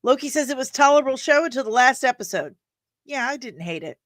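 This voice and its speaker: A woman hosting a casual live stream of nerd news, chatting with the audience in an animated way and laughing often. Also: high-pitched, quick pace, no echo.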